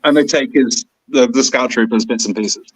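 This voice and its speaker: A man co-hosting a podcast in casual chat, excitable and rambling, with bursts of enthusiasm. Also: medium pitch, normal speed, no echo, poor audio. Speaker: podcast co-host.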